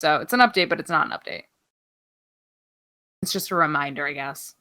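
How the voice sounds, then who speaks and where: A podcast co-host with a deep, pushed and bright voice runs through wrestling news a little fast, chatting casually and offhandedly. She rambles, swears freely and fills gaps with ums.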